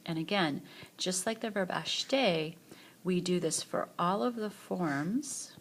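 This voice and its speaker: A woman teacher with a fairly low voice narrates a French grammar screencast over a tablet. She explains each point patiently and models the verb forms slowly so that learners can repeat after her. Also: a little hiss or hum.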